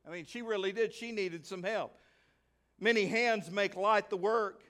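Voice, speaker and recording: A man in middle age preaches, and his voice sits high. He is animated, throws questions at the congregation, and slips into the voices of the people in the story. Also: a little slow. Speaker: pastor. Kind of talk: sermon.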